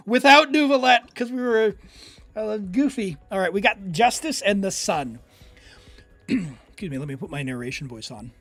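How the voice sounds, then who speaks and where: A man streaming a game, commenting excitedly, talking to his characters and laughing often. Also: sits high, slow pace, long pauses, faint music behind. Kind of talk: live gameplay commentary.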